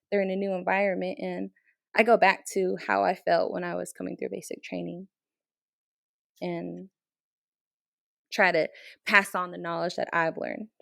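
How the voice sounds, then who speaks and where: A young woman, a military training instructor from the Navajo Nation, telling a story in an interview with emotional, animated retelling. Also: medium pitch, gravelly, no room sound, studio quality. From Navajo Nation, Southwest US.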